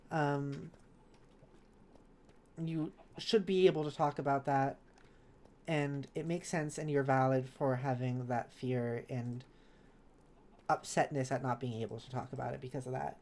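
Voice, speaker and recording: A woman's voice: rumbling low, fairly even intonation, moderate pace, pauses often, a little mellow. A woman streamer in casual live chat while gaming, reading viewers' messages aloud and answering them kindly. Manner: chatty and self-correcting, with laughs.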